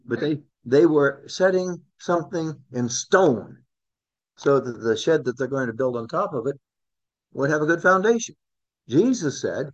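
A man's voice: mid-range voice, lively intonation, normal speed. A man teaching a Bible study class in a conversational way, often repeating words and asking the group questions. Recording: dull lo-fi recording.

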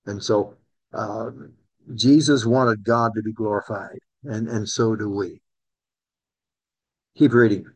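A man's voice: fairly low pitch, steady tone, slow, long pauses, darkish tone, no room sound, low-quality recording. A man preaching a sermon in a conversational way, calling on listeners by name. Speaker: pastor.

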